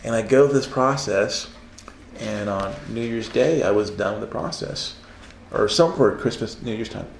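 A man, a self-published Christian author, speaks at a normal speed in a fairly low, creaky voice. Chatting casually, he tells a story with animated laughter and acts out the voices he heard, against roomy echo and faint background noise.

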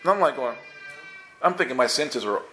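A man telling a humorous personal story to a church group, animated and chuckling as he acts out his own thoughts. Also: mid-range voice, a little fast, a little hiss or hum.

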